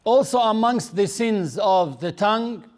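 A man teaching a religious lesson, speaking deliberately and repeating key phrases for emphasis. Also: sits high, expressive. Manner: demonstrates pronunciation of recited phrases.

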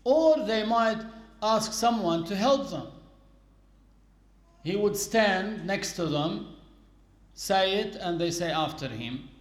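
A man giving a religious lesson, explaining rules deliberately with everyday examples. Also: sits high, animated. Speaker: Islamic teacher. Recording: echoey room.

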